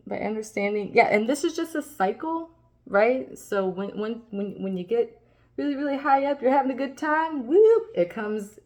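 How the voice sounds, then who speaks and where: Woman, tarot reader, casual, foul-mouthed, reassuring, rambling. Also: fairly high pitch. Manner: swears freely, reassuring, rambling.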